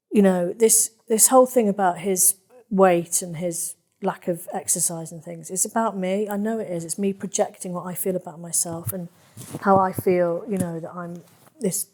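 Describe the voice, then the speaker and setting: A woman speaking emotionally with her therapist, halting and searching for words. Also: medium pitch, steady tone, warm tone. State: emotional, near tears. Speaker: therapy client.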